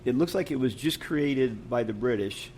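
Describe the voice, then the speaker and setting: A man's voice: mid-range voice, moderate pace, darkish tone, a little hiss or hum. A man co-hosting a podcast into a headset mic, rambling casually and laughing often. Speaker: podcast co-host. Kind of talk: casual chat.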